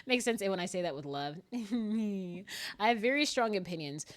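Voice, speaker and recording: A woman's voice: mid-range voice, moderate pace. A woman streamer chatting casually and rambling nervously, with frequent giggles. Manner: animated and giggly, frequent laughter; self-described very nervous, rambling with restarts. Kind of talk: casual live-stream chat.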